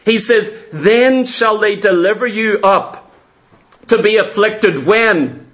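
Male preacher with a high voice, pressing and emphatic in his sermon. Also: slow, a bit bright. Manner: urgent, emphatic preaching with rhetorical questions.

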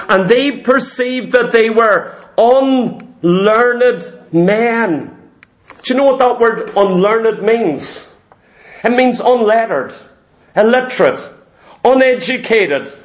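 A man with a notably high voice delivers a sermon. He preaches in an emphatic, repetitive rhythm and stretches out the words he stresses. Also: animated, takes it slowly.

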